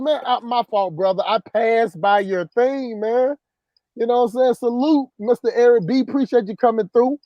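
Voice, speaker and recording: A man's voice: very high-pitched, no echo, lo-fi sound. A man hosting a casual livestream, reading chat comments and telling stories in a loose, repetitive, laughing way. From southern US countryside. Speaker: livestream host.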